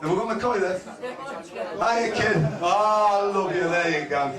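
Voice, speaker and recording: A high-voiced man compering a football club's presentation night, ribbing each player with foul-mouthed banter. He is heard from a distance in an echoey function room, over a roaring crowd. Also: unhurried. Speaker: compere at a club awards night. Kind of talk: crude roasting banter. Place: club function room with an audience. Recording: echoey room, voice far from the mic. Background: loud crowd laughter.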